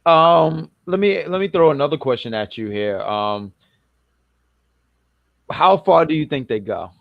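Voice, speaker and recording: A man's voice: on the high side, expressive, a little slow, gravelly, dry recording, lo-fi sound. A man from New York co-hosting a casual wrestling review podcast, rambling and self-correcting as he jokes around.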